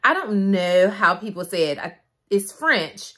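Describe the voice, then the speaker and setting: A young woman chatting to her viewers in a casual vlog, animated and laughing often, recorded on a phone. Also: medium pitch, unhurried, no room sound, studio quality. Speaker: beauty vlogger. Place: in a car, then outdoors at night in the cold.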